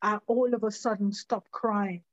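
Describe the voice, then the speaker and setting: A woman giving halting, emotional personal testimony in an interview. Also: medium pitch, fairly even intonation, no room sound, highs cut off. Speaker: interview guest.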